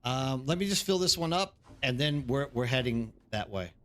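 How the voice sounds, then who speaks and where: A man's voice: medium pitch, expressive, normal speed, fairly bright tone. A man hosting a live game stream, chatting casually and rambling while greeting viewers by name. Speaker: streamer host.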